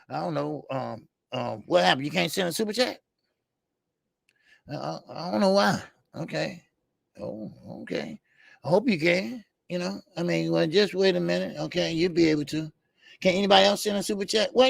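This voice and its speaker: A man with a raised, gravelly voice hosts a live boxing talk stream. He rants in a heated, profane way, hammers his points home through repetition and breaks off to greet viewers by name. The sound is dry and close. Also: a little high, fairly bright tone, dry recording. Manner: reads viewer names and Super Chats. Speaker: boxing talk show host. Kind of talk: live-stream call-in rant.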